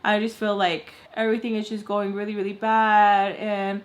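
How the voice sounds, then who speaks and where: A young woman in the middle of a makeup storytime, rambling from one thought to the next with constant "like" fillers. She tosses the odd Spanish word into her English. Her voice sits at an ordinary middle pitch. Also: normal speed. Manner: rambling, heavy "like" fillers, animated retelling; drops in Spanish words. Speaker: beauty vlogger. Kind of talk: storytime while doing makeup.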